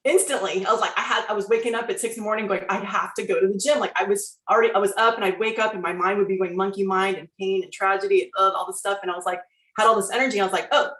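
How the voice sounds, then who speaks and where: A woman in her forties telling her own life story as a wellness coach, animated and acting out her past reactions. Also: medium pitch. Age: 40s. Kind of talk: personal testimony talk. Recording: echoey room.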